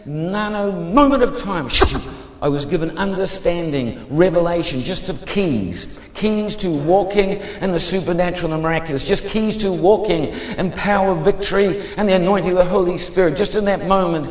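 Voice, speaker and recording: A man giving a fervent testimony sermon as a preacher, moving between hushed and emphatic speech. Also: sits high, moderate pace, reverberant, long reverb tail, a little hiss or hum.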